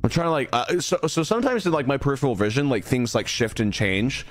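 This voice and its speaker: A young man chatting casually while live-streaming a horror game, rambling and animated, with his voice jumping up high whenever he is startled. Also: quick pace. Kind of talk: casual gaming livestream chat.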